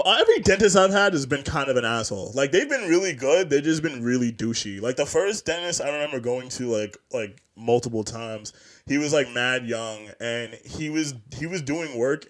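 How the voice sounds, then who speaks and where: A man's voice: medium pitch, animated, moderate pace, a bit bright. A young man co-hosting a podcast, talking in a loose, rambling, profane way and laughing often. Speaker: podcast co-host. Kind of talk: casual chat.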